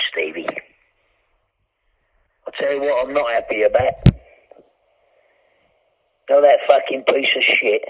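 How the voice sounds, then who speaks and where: A man's voice: medium pitch, slight background noise. An older man, a prisoner ranting with heavy swearing in a recorded phone call. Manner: profane, ranting, aggrieved. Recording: muffled prison phone line.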